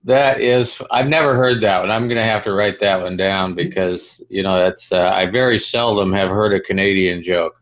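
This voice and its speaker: A man's voice: low-pitched, steady tone, normal speed, hardly any pauses, a bit bright. A man co-hosting a podcast in easygoing casual chat, laughing along. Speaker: podcast co-host.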